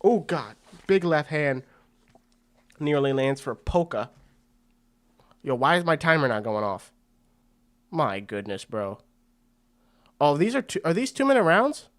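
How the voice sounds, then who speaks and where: A man's voice: on the high side, measured pace, long pauses. A man hosting a fight watch party, giving casual, rambling commentary full of slang. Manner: excitable and rambling, slangy with frequent "bro".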